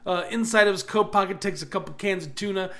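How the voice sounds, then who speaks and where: A man's voice: high-pitched, quick pace, pushed and bright. A man casually recapping a movie plot on a podcast, rambling with lots of fillers and laughter. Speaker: podcast co-host.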